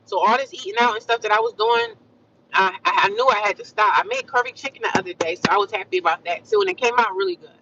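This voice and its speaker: Chatty, bright-voiced woman on a livestream. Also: mid-range voice, quick pace, distant mic, dull audio, slight background noise. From United States. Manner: chatty, animated, repeats herself, calls viewers honey and sis. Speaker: livestream vlogger. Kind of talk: casual livestream chat with viewers.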